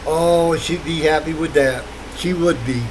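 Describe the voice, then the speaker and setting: A man's voice: on the high side, fairly even intonation, a little slow, noisy background. An older man rambling through a late-night monologue, wandering from thought to thought and laughing often. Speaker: vlogger.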